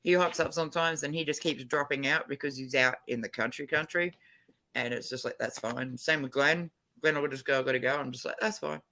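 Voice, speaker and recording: A woman's voice: a bass voice, fairly quick, pushed and bright, rough recording. A woman hosting a livestream, chatting casually with viewers in a brash, swearing manner. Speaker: livestream host.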